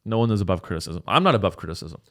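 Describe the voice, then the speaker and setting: A man's voice: low voice, very animated, rapid-fire, fairly bright tone. A man hosting a podcast, talking casually in a rambling, profane and sarcastic way. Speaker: podcast host. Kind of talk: casual chat.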